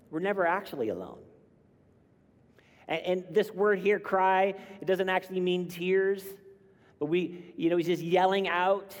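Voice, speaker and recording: A man preaching a sermon, emphatic and building to loud cries on key lines. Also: high voice. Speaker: pastor. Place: church sanctuary. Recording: long hall reverb.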